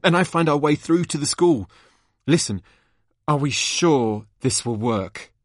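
A man's voice: a little high, expressive, unhurried, no echo, studio quality. A man reading an overeager teen wizard. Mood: fussy. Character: nervous overeager teenage boy wizard.

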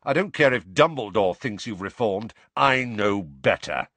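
A man's voice: fairly low pitch, expressive, measured pace, no room sound, heavily acted. A man doing a hot-tempered, aggressive grown man. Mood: threatening. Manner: forceful, aggressive and loud.

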